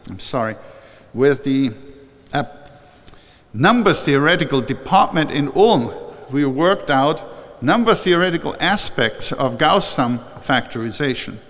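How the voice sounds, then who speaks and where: An older man giving a warm, conversational acceptance speech at a formal ceremony, often restarting and correcting himself. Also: a little high, expressive, measured pace. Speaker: honorary doctorate recipient giving an acceptance speech. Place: large historic chapel hall. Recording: long reverb from a large hall.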